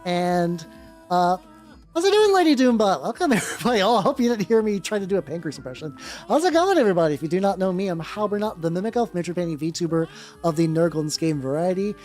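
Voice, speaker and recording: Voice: medium pitch, big pitch swings, quick pace, a little mellow, soft background music. A miniature-painting streamer chatting casually with viewers while working, rambling with many restarts, swearing offhandedly and greeting chat by name.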